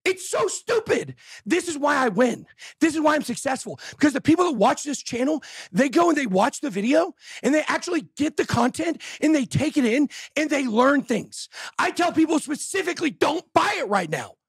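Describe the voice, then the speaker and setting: A man hosting a live show, ranting loudly and exasperated, often shouting. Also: very high voice, lively intonation, fairly quick, no room sound, clean studio sound. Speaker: show host. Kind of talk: heated rant on a live show.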